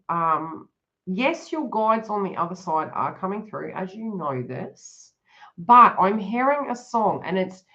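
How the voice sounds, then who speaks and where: A woman's voice: mid-range voice, a bit bright. A woman reading cards on a live stream, chatting to viewers by name and laughing often. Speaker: tarot reader hosting a live stream. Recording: dull lo-fi live stream audio.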